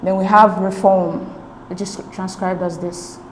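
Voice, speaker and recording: A woman's voice: mid-range voice, level tone, a little slow. A woman working through English exam questions as a tutor, explaining them step by step with a patient manner and checking in with "okay?". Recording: echoey room with faint noise.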